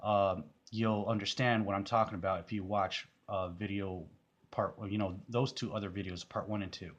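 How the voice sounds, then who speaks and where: A man's voice: fairly low pitch, fairly even intonation, normal speed, dull audio. A man giving casual, rambling commentary on a music video, full of fillers and restarts.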